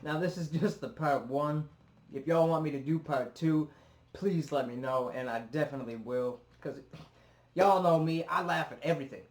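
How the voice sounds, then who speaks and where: A man hosting a casual reaction video, laid-back, swearing freely and laughing easily. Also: on the high side. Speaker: YouTube reaction host.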